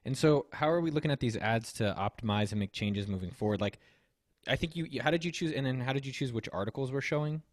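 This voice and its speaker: A man in mid pitch fires off rapid questions, pushing his guest to go back over the details. His voice sounds dry and close to the mic. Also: lively intonation, no room sound. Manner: quick, probing follow-up questions. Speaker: host. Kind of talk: interviewing a guest.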